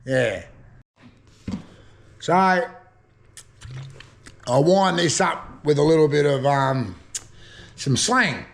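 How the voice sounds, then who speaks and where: A man's voice: fairly high pitch, lively intonation, drawn-out words, long pauses. A man with an Australian accent chatting casually about slang, rambling, swearing freely and laughing at his own jokes. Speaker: vlogger. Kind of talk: casual chat explaining slang.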